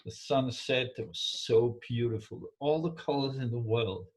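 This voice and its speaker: A man telling a folk tale in English, halting and repeating words, often checking in with his listener. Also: medium pitch. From Denmark. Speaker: storyteller. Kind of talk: oral folk storytelling.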